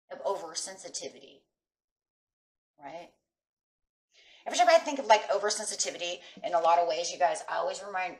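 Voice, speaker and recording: A middle-aged woman with a low voice gives a chatty tarot reading, sitting far from the mic in a room with echo. Emphatic and direct with her viewers, she checks in often with "right?"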